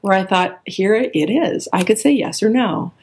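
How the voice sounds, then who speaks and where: A woman life coach telling her story in a casual interview, animated and chatty, acting out the voices of people she quotes. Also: medium pitch, moderate pace. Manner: animated storyteller who acts out quoted dialogue; chatty, with many fillers and restarts.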